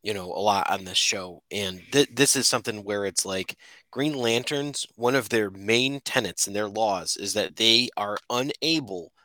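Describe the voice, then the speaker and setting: Co-host guy, kinda low voice but really bright and edgy, dry mic. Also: normal speed, no echo. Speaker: podcast co-host. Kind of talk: casual chat.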